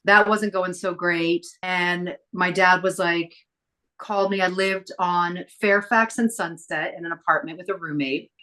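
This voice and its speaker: A middle-aged woman telling stories as a podcast guest, chatty and lively as she acts out the people she quotes. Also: fairly low pitch, a little slow. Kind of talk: casual storytelling interview.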